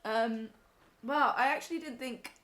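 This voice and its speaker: A woman's voice: a little high, unhurried, fairly bright tone. A young woman on a live stream, emotional and teary as she talks to her chat from home.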